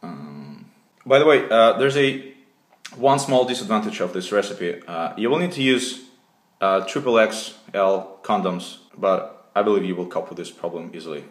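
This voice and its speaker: A man with a Russian accent hosting a deadpan comedy recipe video, hesitating often with fillers. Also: on the low side, moderate pace. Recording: echoey room.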